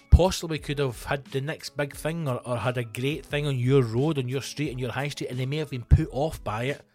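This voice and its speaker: A Scottish comedian hosting his own podcast, talking alone in a loose, rambling, sweary, conversational way. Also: medium pitch. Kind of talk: casual solo podcast chat.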